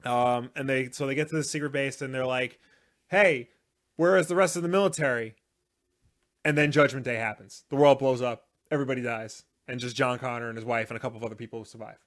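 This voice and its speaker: A man's voice: mid-range voice, little pitch movement, fast talker, few pauses, fairly bright tone. A man co-hosting a live show in casual chat, rambling with lots of filler words. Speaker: podcast co-host.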